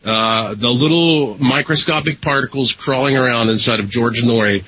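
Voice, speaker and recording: A man's voice: mid-range voice, normal speed, pushed and bright, dry recording. A man hosting a casual talk show, rambling with fillers and self-deprecating humor. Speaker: podcast host. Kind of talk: casual chat. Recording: dull lo-fi recording.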